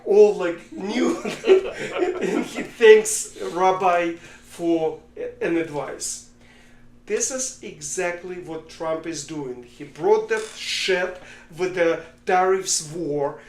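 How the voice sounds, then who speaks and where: Slow, high-voiced man co-hosting a podcast. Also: reverberant, slight background noise. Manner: halting, with many fillers and restarts, telling jokes. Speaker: podcast co-host. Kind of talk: casual political chat.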